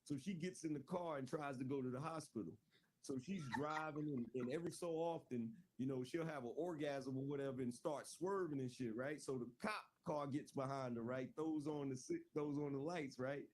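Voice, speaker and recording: A man's voice: medium pitch, moderate pace, a little mellow, a little hiss or hum. Dude telling a raunchy joke to his friends, mid voice, super loose, says "right?" constantly. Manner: loose, slangy, keeps checking in with "right?". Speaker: joke teller. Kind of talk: casual storytelling on a group call.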